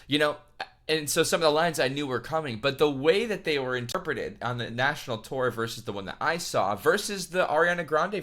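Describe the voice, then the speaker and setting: With a mid-range voice, a man who writes musicals reacts to a stage show, talking casually and excitedly as he gushes and rambles.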